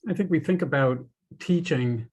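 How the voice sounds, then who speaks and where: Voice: mid-range voice, normal speed, a little mellow, highs cut off. A host asking a long, rambling question on a video call, thinking aloud along the way. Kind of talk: conversational interview questions.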